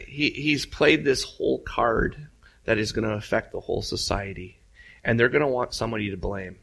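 Man, pastor, sermon delivery, gravelly and bright, animated storyteller. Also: medium pitch, normal speed. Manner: animated storytelling, acts out voices with big jumps up.

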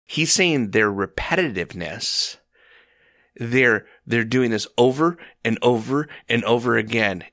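A man co-hosting a casual faith discussion, an animated storyteller who acts out the people he quotes. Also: mid-range voice, measured pace, dry recording, clean studio sound.

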